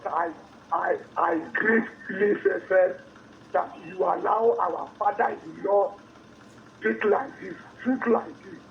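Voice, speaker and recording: A man calling in to a radio show, speaking slowly and fervently, repeating his phrases. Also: high voice, creaky, reverberant, lo-fi sound, a little hiss or hum. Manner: slow, fervent, repetitive. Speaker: caller. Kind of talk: phone-in call.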